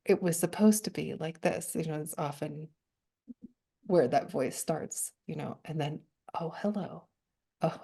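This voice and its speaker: Low mellow-voiced woman, reflective. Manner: halting and thoughtful, with soft laughs. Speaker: guest poet. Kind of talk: reflective conversation.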